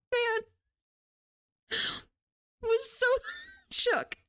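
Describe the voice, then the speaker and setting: A young woman streaming and chatting casually with her viewers, her fairly high voice swooping up and down as she tells stories. She laughs often and keeps an animated, conversational tone. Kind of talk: casual chat with live chat.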